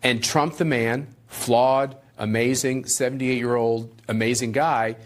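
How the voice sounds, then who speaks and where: A man's voice: medium pitch, fairly even intonation, measured pace. A man on a cable news panel, an opinionated commentator talking emphatically.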